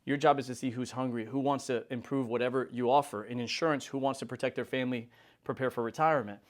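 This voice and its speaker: A man's voice: medium pitch, steady tone, fast. A man in his forties giving a casual, slangy motivational talk as host, often acting out little conversations. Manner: casual, slangy, acts out quoted dialogue. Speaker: insurance business leader and video host.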